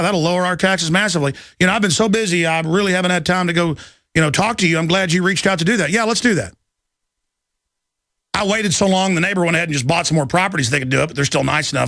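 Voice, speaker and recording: Gravelly, ranting male radio host. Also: high-pitched, no echo. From Texas. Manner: loud, impassioned, mocking impressions. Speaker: radio talk show host. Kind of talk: ranting political radio monologue.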